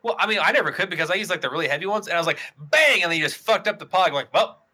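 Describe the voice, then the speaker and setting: A man's voice: on the high side, racing, pushed and bright. A young man telling rambling stories in a casual podcast chat, swearing and restarting often.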